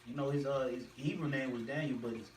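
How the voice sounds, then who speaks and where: A man's voice: mid-range voice, steady tone, fast. A man leading a faith discussion in an emphatic, repetitive, slangy preaching manner. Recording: roomy and distant with faint noise.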